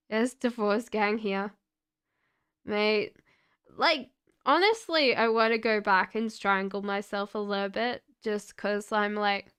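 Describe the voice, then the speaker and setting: A young Australian woman, her accent softened by years in Britain, chatting upbeat with viewers as she gives live tarot readings. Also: medium pitch, smooth. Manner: chatty and upbeat, laughs often, talks straight to viewers by name. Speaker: tarot reader.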